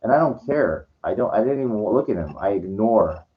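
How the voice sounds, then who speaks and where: A middle-aged man telling a story from his night out in a rambling, halting, profane way, vlogging to camera. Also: on the low side, expressive. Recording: dull lo-fi recording.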